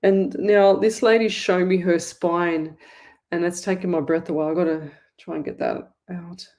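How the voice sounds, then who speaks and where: A woman's voice: fairly low pitch, steady tone, normal speed, a little mellow. Chatty woman giving psychic readings. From Australia. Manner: rambling, chatty, many restarts, talks straight to viewers. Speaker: psychic medium host. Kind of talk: live call-in psychic reading show.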